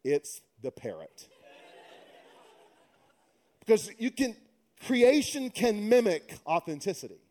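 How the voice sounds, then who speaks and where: High, mellow-voiced male pastor preaching. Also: big pitch swings, slow, pauses often, some chatter behind. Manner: humorous, conversational, builds to emphatic preaching. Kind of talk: sermon.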